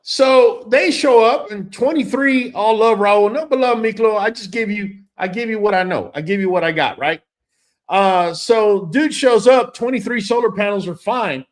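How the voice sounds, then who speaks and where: A man with a notably high-pitched voice tells a story in a loose, casual way. He is animated and emphatic, blunt in his opinions and quick to curse.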